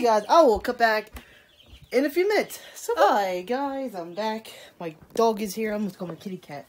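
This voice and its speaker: A woman's voice: a little high, expressive, normal speed. A woman talking in a casual, rambling way as she films a daily vlog at home, with plenty of "like" and loose asides. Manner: chatty and rambling, full of "like". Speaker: daily vlogger. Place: home indoors, rainy day.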